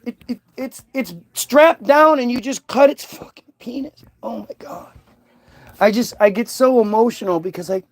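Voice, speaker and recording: A man's voice: high voice, no room sound. A man talking in a heated, profane, unscripted monologue, stumbling and restarting his sentences as he goes. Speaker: vlogger.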